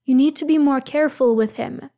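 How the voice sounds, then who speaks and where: A woman voicing a stern but caring older male elf lord, speaking formally and with measured firmness. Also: high voice, mellow. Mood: firm, stern. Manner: measured, formal, firm then soothing.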